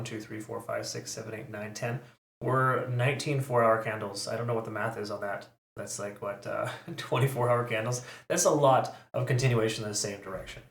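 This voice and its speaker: A man's voice: on the low side, roomy sound. A man hosting a crypto chart analysis channel, talking casually and correcting himself often. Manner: chatty, self-correcting, frequent fillers.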